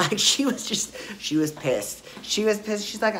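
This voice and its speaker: A woman's voice: medium pitch, a little slow, few pauses, sharp tone. A woman hosting a casual soap opera recap podcast, chatty and blunt, swearing freely as she talks through the week's episodes.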